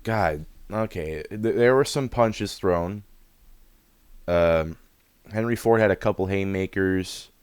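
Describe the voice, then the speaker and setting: A man's voice: low voice, takes it slowly, darkish tone, clean tone, no echo. A man hosting a reaction video, exclaiming and swearing freely as he muses aloud in casual commentary.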